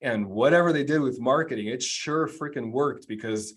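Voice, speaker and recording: A man's voice: mid-range voice, normal speed, slightly rough. A man, an executive coach, giving a casual webinar presentation in a chatty, self-deprecating way with lots of fillers.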